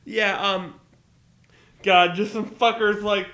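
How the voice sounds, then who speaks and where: A man's voice: sits high, moderate pace, sharp tone. A man co-hosting a podcast in casual chat, blunt and swearing freely. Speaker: podcast co-host.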